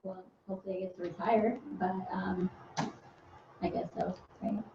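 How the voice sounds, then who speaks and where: A woman's voice: mid-range voice, fairly even intonation, normal speed, vocal fry, a little hiss or hum. A young woman in a seminar audience, answering in short, hesitant replies. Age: young adult. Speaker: seminar attendee. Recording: distant, roomy, dull lo-fi sound.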